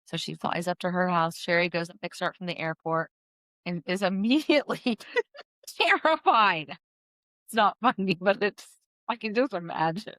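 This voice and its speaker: A woman's voice: fairly low pitch, lively intonation, moderate pace, a bit bright, no room sound. A woman podcast host casually telling a true-crime story, chatty and full of fillers and restarts. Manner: chatty, filler-heavy, self-correcting storyteller. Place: in-person podcast studio.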